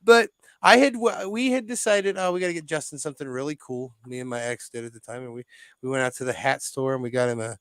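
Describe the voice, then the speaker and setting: A man's voice: mid-range voice, fast, fairly bright tone, clean tone, no room sound, clean studio sound. A young man co-hosting a podcast, telling a story in casual chat, swearing freely and jumping into quoted voices. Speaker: podcast co-host.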